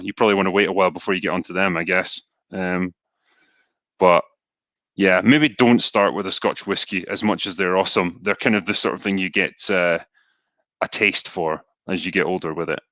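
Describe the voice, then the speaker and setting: A man's voice: on the low side, dry recording. A Scottish man hosting a live stream, casually reading and answering viewer donations with lots of ums and asides. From Scotland. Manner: relaxed, chatty, frequent ums and asides. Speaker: livestream host reading donations.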